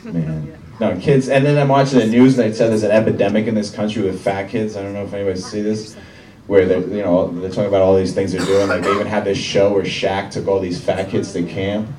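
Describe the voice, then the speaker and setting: Deadpan young man doing stand-up. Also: fairly low pitch, quick pace. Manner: deadpan, dry one-liners. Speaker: stand-up comedian. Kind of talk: stand-up routine. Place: comedy club with live audience. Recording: roomy club sound from a distant mic, crowd laughter.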